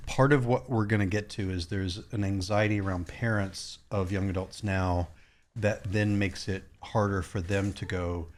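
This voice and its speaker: A man's voice: low voice, fairly even intonation, normal speed. A man, a therapist co-hosting a podcast, reflecting in casual talk and telling wry anecdotes. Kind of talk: casual conversational storytelling.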